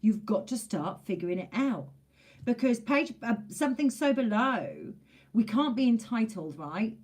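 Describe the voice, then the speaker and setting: A woman's voice: fairly high pitch, lively intonation, a little slow, a little mellow, breathy edge. A woman giving a casual tarot reading to camera, chatty and emphatic, repeating phrases for emphasis and swearing mildly. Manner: informal, with mild swearing. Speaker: tarot reader.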